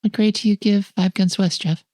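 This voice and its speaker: Her voice sits in the mid-range, slightly mellow, with fairly even intonation and a moderate pace. She co-hosts a film podcast, giving enthusiastic, opinionated takes in casual review talk and laughing frequently, recorded in studio quality without room sound.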